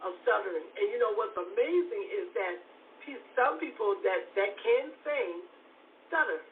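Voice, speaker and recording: A woman's voice: medium pitch, lively intonation, normal speed. A woman hosting a talk show as a therapist, speaking emphatically, repeating herself and often asking if you follow. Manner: emphatic and repetitive, often asks "you know what I'm saying". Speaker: host and therapist. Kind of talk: conversational talk show discussion. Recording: phone-like audio from far off with faint noise.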